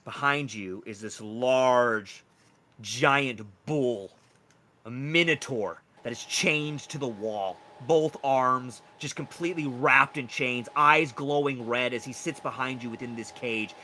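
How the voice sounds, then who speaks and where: Bright-voiced man running a tabletop game. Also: mid-range voice, slow, a little hiss or hum. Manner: descriptive, casual narration. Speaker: game master.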